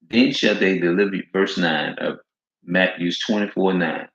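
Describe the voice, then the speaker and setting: A man with a very low, gravelly voice preaches in a loose, slangy way, hammering each point by repeating it. He reads scripture aloud between his remarks. The sound is roomy and echoey, with a dull, lo-fi edge. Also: fairly bright tone. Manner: emphatic, repetitive, slangy, drawn-out stresses. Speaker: street preacher. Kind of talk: informal preaching with scripture reading.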